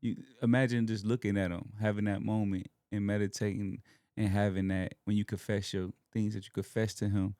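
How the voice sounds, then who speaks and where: Earnest man with a low voice. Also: level tone, fairly quick, mellow, no room sound, clean studio sound. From Alabama. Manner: earnest, emotional faith testimony. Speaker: podcast guest. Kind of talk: casual heartfelt conversation.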